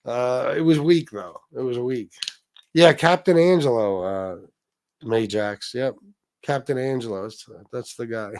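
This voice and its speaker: A livestream host with a mid-range, darkish voice speaks unhurriedly as he reads viewer donations. His chat is loose and profane, full of restarts. There's no echo in the audio.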